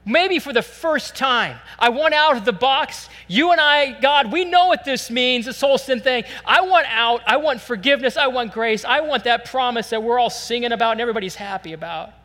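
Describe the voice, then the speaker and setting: A man preaching a sermon at a church service, earnest and animated, acting out prayers in the first person. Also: extremely high pitch, normal speed, few pauses, long reverb tail. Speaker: pastor.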